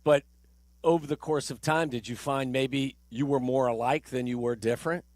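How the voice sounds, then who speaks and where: A man hosting a sports radio talk show, asking a measured, thoughtful question. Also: mid-range voice, fairly even intonation, darkish tone, no echo. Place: radio studio.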